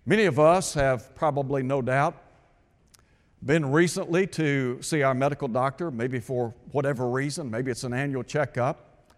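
A man's voice: mid-range voice, normal speed. A man preaching a radio sermon, asking rhetorical questions and repeating his points for emphasis. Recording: long hall reverb.

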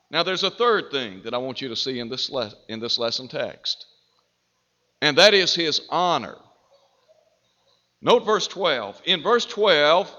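Slow, bright-voiced preacher in a hall. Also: male voice, a little high. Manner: slow, deliberate preaching with emphatic rises. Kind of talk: sermon. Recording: dull reverberant hall.

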